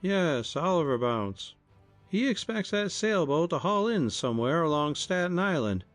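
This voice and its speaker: A man's voice: on the high side, very animated, a little slow, no room sound, faint music behind, voice pushed up. A man doing a resolute young boat skipper. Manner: firm, resolute.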